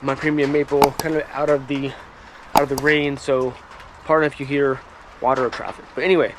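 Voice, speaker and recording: A man hosting a firewood channel, talking casually to camera outdoors in halting speech full of ums and restarts. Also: medium pitch, level tone. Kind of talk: casual vlog talk to camera. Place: outdoors by a woodpile, rain and traffic nearby. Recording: light rain and road noise behind.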